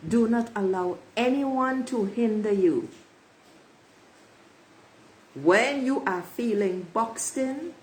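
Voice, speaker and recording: A woman gives her viewers a spiritual oracle card reading, speaking emphatically, repeating affirmations, and calling listeners beautiful souls. Her voice is mid-range, and the recording quality is low.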